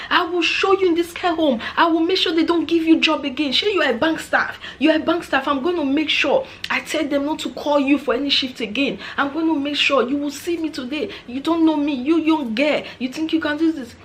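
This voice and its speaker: Brief: shrill, scolding older Nigerian care worker, bossy, voiced by a woman. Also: normal speed, hardly any pauses, a little hiss or hum, lightly acted. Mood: furious scolding. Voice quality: shrill scolding, repeats threats.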